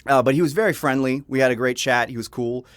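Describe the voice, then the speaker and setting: A man's voice: medium pitch, quick pace, dry recording. Rambling young man telling a story. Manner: rambling, laughs and restarts often, swears casually. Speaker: vlogger. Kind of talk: casual storytelling. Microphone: home microphone.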